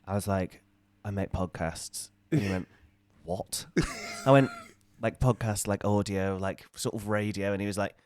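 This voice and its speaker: A young man hosting a podcast, telling stories with quick, expressive jumps into the voices of the people he quotes. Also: lowish voice, slight background noise. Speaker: podcast host. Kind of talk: casual podcast chat.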